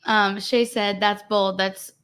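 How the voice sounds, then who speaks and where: A woman's voice: mid-range voice, little pitch movement, slow pace, a bit bright, smooth. A young woman in her twenties co-hosting a podcast, chatting frankly and reading out viewer comments. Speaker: podcast co-host. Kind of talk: casual chat.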